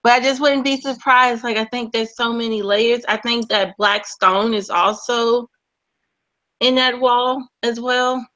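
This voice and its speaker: Animated, profane woman chatting. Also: on the high side, unhurried, highs cut off. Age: 40s. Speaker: podcast co-host. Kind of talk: casual chat.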